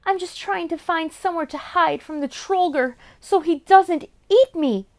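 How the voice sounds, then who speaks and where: A woman's voice: very high-pitched, normal speed, pitched above the performer's own voice. A woman voicing a frightened young boy on the run, with a trembling, panicky way of talking. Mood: scared.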